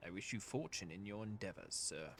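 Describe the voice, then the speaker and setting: A man's voice: lowish voice, expressive, brisk, a bit bright, slight background noise. A man voicing an earnest male adventurer leader who speaks in a formal, old-fashioned way, read aloud while playing a game. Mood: lofty.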